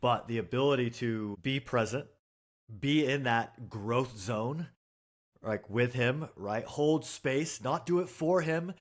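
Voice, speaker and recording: A man hosts a conversational podcast interview. He sums up his guest's points in an earnest, reflective way, and his voice sits at a middle pitch. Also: takes it slowly. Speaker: podcast host.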